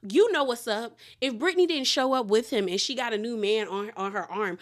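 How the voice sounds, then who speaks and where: A woman's voice: fairly high pitch, animated, normal speed, hardly any pauses. A woman hosts a casual recap of a reality show. She tells the story with big energy and acts out each quote as she goes, and her chat is loose and full of laughter.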